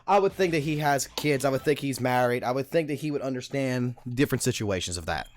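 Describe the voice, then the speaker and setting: A man in his thirties giving casual stream commentary as a livestreamer, ranting in an animated, profane, rambling way. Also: mid-range voice, fast talker, slight background noise. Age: 30s.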